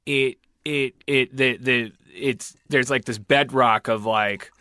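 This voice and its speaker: Male podcast host, bright and dry, rambling thinker with restarts. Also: mid-range voice, steady tone, takes it slowly, dry recording. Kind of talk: casual conversation.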